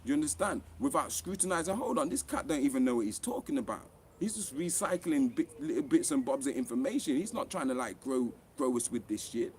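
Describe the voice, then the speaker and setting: In a blunt, swear-filled tirade aimed right at the camera, an author and web commentator keeps pushing his mid-range male voice sharply upward for emphasis. He's expressive and fairly quick with few pauses, sounding a little mellow over faint hiss or hum.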